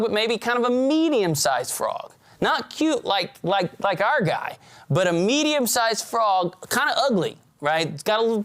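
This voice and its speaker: A man giving a motivational talk to students, telling stories in a lively way with big swings in pitch. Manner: animated storyteller who swings his pitch widely and acts out scenes. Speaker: speaker at a student leadership event.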